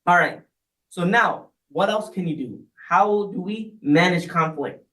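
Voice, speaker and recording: Male speaker with a high voice, heard from far off in a reverberant room, talking casually on marriage. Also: measured pace, bright, forceful tone. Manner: conversational, often checks in with "right?". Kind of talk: community talk on marriage.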